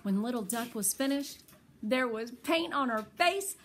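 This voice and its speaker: Grandma reading a picture book to little ones, high bright voice, slow and tender. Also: female voice, slight background noise. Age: older. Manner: tender, slow and expressive storytelling. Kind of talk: children's read-aloud.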